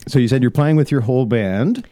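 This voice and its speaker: A man of middle pitch hosting a casual podcast, tossing out playful jokes as he interviews a guest. His voice is close and dry, with no room sound. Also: brisk, dark tone, no echo. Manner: playful, joking banter. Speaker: podcast host.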